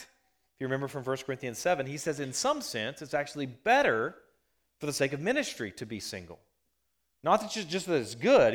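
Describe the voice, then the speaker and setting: Man preaching an explanatory sermon. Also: medium pitch. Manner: explanatory teaching, frequent "all right" check-ins. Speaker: pastor. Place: church stage.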